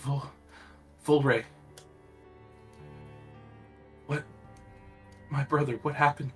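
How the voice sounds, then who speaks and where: A man's voice: lowish voice, steady tone, bright, forceful tone, faint music behind. Man voicing El Rey, a grieving huntress. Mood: shocked. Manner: halting, voice breaking. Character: grieving shaken young woman hunter.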